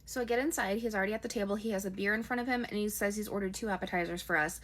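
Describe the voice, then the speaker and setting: A woman's voice: medium pitch, racing, a bit bright. A young woman casually telling a dating story, chatty and exasperated, peppering her talk with "like". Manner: chatty, exasperated retelling with lots of "like".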